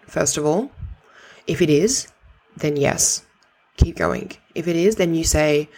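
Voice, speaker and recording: A woman with a low, husky voice talks through practical advice like a coach. She is direct and conversational, with the odd casual swear word thrown in. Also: moderate pace. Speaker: podcast host.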